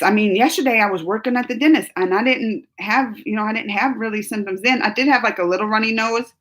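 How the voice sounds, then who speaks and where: A married woman hosting a reaction stream, chatting to her viewers, emotional and teary, laughing between worries. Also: mid-range voice. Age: adult, married with family. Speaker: reaction channel host reading live chat. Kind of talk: casual emotional chat with viewers.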